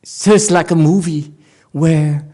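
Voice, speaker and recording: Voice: mid-range voice, slow, mellow. A Zen teacher and native Korean speaker giving a Buddhist dharma talk in English, playful, laughing often and quizzing the audience.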